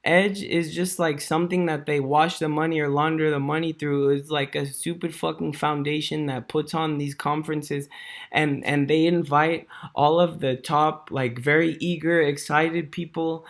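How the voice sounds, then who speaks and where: Slangy, rambling man with a higher voice. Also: flat delivery, moderate pace. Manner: slangy, swears a lot, heavy fillers, dude and bro; rambling, restarts, chuckles to himself. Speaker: vlogger. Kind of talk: casual ranting commentary.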